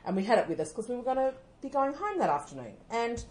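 Animated Australian woman telling stories. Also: fairly high pitch, fast, a little hiss or hum. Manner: animated storytelling, often laughing mid-sentence. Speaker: podcast co-host. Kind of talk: casual podcast chat.

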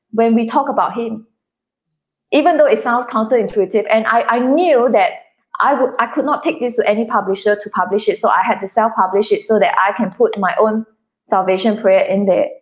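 A woman guest author speaking earnestly and from the heart in an interview, with some restarts. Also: fairly high pitch. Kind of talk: interview, personal testimony.

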